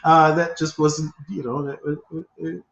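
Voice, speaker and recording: A slightly high-voiced man with vocal fry co-hosts a casual podcast at a measured pace, telling animated stories and laughing often. The echoey, dull lo-fi recording also has a bit of hiss or hum.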